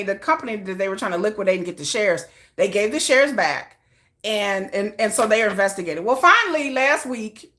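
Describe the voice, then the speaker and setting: A woman with a Texan twang hosting a casual livestream, chatty and animated, often restarting her sentences. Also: on the high side. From Texas. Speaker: K-pop news livestream host.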